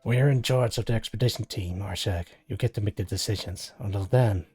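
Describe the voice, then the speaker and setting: A man's voice: fairly low pitch, brisk, a little mellow, slightly rough, no echo, soft background music. A man reading a stern expedition leader who gives curt orders. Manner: curt commands.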